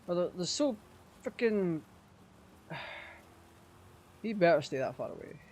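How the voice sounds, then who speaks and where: A man casually commenting on his racing game, sweary and quick to rage at the game. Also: sits high, big pitch swings, darkish tone, a little hiss or hum. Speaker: gaming channel host.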